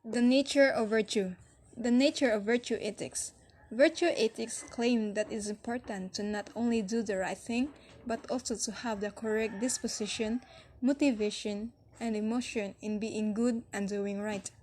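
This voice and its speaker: A woman's voice: on the high side, fairly even intonation, moderate pace, a little mellow. A woman presenting a school lesson, reading scripted text, with section headings said with a lift. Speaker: student presenter.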